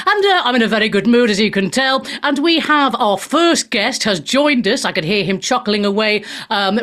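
A woman hosting a talk radio show, giving brash, irreverent opinions on the news with frequent laughter. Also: a little high.

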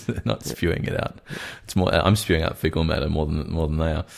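A man's voice: extremely low pitch, moderate pace, creaky, darkish tone. A man co-hosting a comedy podcast, asking dry follow-up questions in casual chat. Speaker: podcast co-host.

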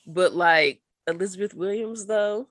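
A woman's voice: mid-range voice, a little slow, fairly bright tone, no echo. A young woman co-hosting a sports podcast, chatting casually and rambling with playful laughs. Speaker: podcast co-host.

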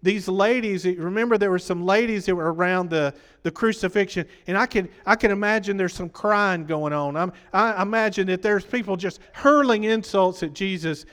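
High-voiced preacher in a reverberant hall. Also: male voice, normal speed, few pauses, a bit bright. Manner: conversational, questions the congregation. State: voice worn from preaching. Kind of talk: sermon.

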